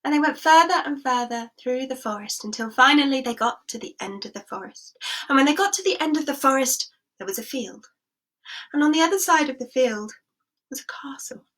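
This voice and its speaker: A woman's voice: high voice, a bit bright. A woman storyteller telling a sensory story expressively, dropping into whispers and inviting listeners to join in.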